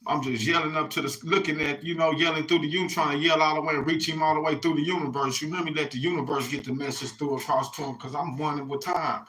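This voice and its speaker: A man vlogs to his viewers in a rambling, casual monologue, swearing freely and looping back with "you hear me". His voice sits a little high and rings bright and sharp. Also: steady tone, fast talker, hardly any pauses, low-quality recording. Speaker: vlogger.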